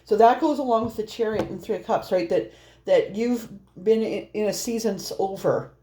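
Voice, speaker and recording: A woman's voice: medium pitch, moderate pace, mellow, a little hiss or hum. A woman doing a casual, rambling tarot reading, chatty and laughing often. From Norwegian heritage. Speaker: tarot reader.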